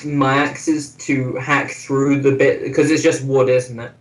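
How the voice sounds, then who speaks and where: A man's voice: medium pitch, level tone, takes it slowly. Blunt man in an echoey room. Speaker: player. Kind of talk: casual chat in a tabletop game.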